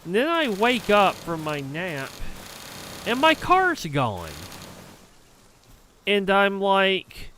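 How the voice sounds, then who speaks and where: A man's voice: sits high, huge pitch swings, extremely slow, pauses often, pushed and bright, a little hiss or hum. A young adult man streamer casually telling a rambling, profane story on a livestream. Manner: rambling, profane, heated anecdote.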